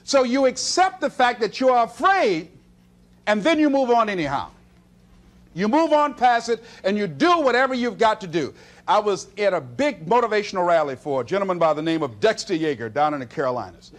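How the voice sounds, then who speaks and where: A man's voice: sits high, a little fast. A man giving a motivational speech, telling stories and acting out his own self-talk. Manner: storytelling, animated, acts out self-talk. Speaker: motivational speaker.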